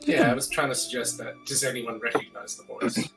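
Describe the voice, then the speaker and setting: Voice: medium pitch, huge pitch swings, brisk, music in the background, low-quality recording. An Australian player in an online tabletop game, self-mocking. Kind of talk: casual tabletop play.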